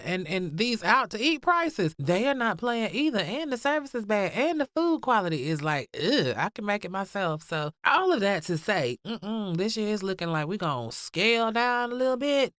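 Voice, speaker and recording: A woman hosts her podcast with sassy, playful energy, her pitch jumping all over as she chats and laughs. Her voice sounds a little stuffy and nasal from the cold. The recording is close and dry, with no room sound around her. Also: fairly bright tone, dry recording. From Georgia, US. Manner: sassy, playful, laughs often, drawls endearments. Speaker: podcast host. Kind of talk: casual chatty podcast intro.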